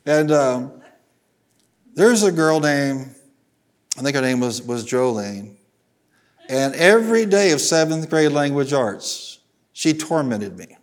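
This is a mid-range male voice at ordinary speed: a middle-aged Southern Illinois pastor preaching to his congregation in the sanctuary. He spins folksy stories and prompts the people to respond.

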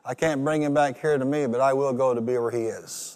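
A man's voice: mid-range voice, steady tone, a little fast, long reverb tail. A male pastor preaching a rousing sermon, leading the congregation in call-and-response. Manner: rousing, call-and-response, rising to loud peaks.

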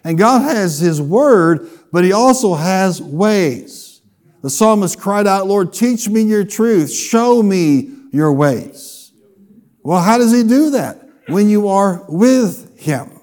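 Storytelling pastor, higher-pitched man. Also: slow pace. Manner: storytelling with humor, lively and animated. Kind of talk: sermon.

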